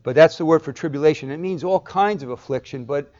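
A man's voice: a little high, a little fast, a little mellow. Man preaching, dull lo-fi recording. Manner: explains step by step, poses rhetorical questions. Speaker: pastor. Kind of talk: expository sermon.

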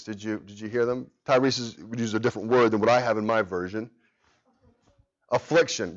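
A man's voice: medium pitch, dull audio. A man in his thirties teaching an adult Sunday school class, earnest and conversational, tired from a sleepless night. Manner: earnest, conversational, animated when telling stories.

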